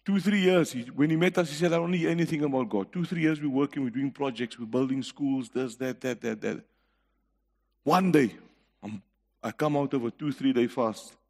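A man's voice: medium pitch, normal speed, darkish tone, in a large hall. A middle-aged man with a South African accent preaching a sermon as a guest speaker, telling stories with earnest conviction and laughing between points. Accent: South African English. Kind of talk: sermon with personal testimony.

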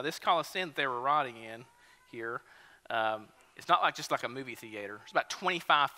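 Male pastor, conversational sermon, very bright tone, church reverb. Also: mid-range voice. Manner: conversational preaching, lively storytelling. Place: church sanctuary.

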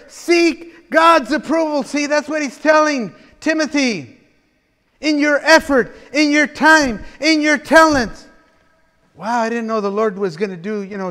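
High-voiced pastor preaching in a reverberant church. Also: male voice, moderate pace, a bit bright. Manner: chatty, folksy asides with frequent laughter and restarts. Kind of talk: conversational expository sermon. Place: church sanctuary.

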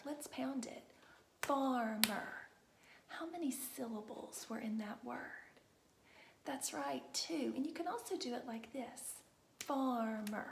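A woman teaching a kindergarten lesson, talking slowly and encouragingly with many soft, whispered asides. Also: fairly high pitch, gravelly. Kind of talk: children's lesson video. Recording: echoey room with faint noise.

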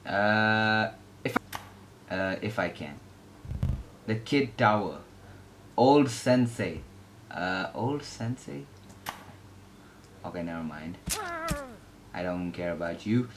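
A young man giving casual gameplay commentary, excitable and yelping at the game. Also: lowish voice, slow, pauses often, slight background noise. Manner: excitable, yelps and shrieks at the game. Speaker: gaming YouTuber.

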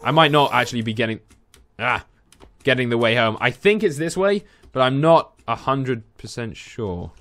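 Excitable young gamer. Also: male voice, medium pitch, moderate pace. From England. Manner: excitable, jumpy, talks to game creatures. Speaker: gaming YouTuber. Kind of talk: casual let's-play commentary.

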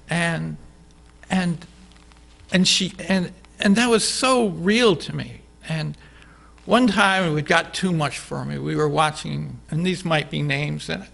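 Gravelly, bright-voiced man telling a story. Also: fairly high pitch. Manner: animated, chuckling, self-interrupting. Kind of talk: live storytelling to an audience. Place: TV studio stage with live audience.

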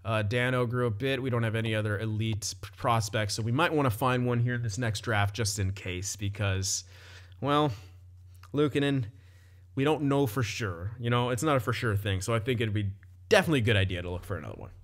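A man's voice: medium pitch, fairly quick. A young man casually commenting on his own hockey game, chatty, often laughing and swearing loosely. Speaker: gaming commentator.

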